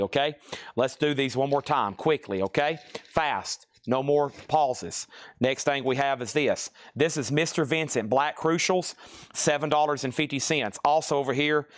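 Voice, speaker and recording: Tired man calling out record prices. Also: medium pitch. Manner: rapid auction-style calling of items and prices, chatty asides. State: tired, voice getting worn. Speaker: live-stream record seller. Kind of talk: live-stream sales patter. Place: record store.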